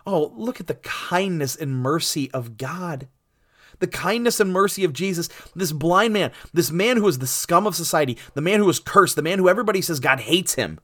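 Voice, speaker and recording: A man preaching an expository sermon, animated and conversational, with restarts and asides, dropping soft and low on solemn points. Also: normal speed. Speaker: pastor.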